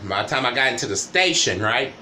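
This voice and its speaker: A man's voice: medium pitch, animated, fast, sharp tone, slight background noise. Rambling man telling a coaster story. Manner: rambling, repeats "right?" and "you know". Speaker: vlogger. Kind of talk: casual storytime monologue.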